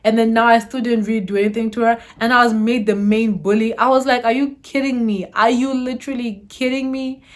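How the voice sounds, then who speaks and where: A young woman from Zimbabwe, a YouTuber telling a storytime to her viewers in an animated, dramatic way. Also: mid-range voice. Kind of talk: storytime vlog.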